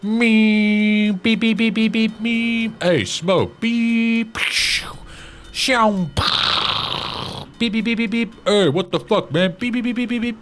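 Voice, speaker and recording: A man doing a squeaky beeping car. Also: takes it slowly, soft background music. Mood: goofy. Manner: repeats beep sounds. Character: beeping talking car, high and silly.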